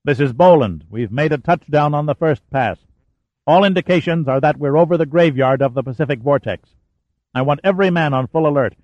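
A man's voice: on the high side, brisk, a little mellow, dry recording, pitched above the performer's own voice, natural voice. Man voicing a ship's commander, authoritative, clipped orders, audiobook, dull dry recording. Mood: commanding.

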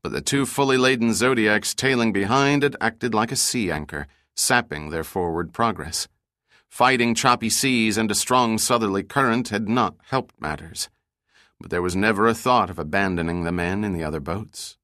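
A man giving measured, scripted audiobook narration of an adventure novel. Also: lowish voice, no echo, clean studio sound. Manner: even, measured storytelling.

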